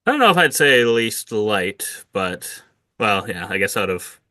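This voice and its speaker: A man's voice: on the low side, big pitch swings, a little slow, sharp tone. A man co-hosting a board game channel, chatting casually and hedging, often restarting his phrases. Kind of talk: casual chat reacting to award nominees.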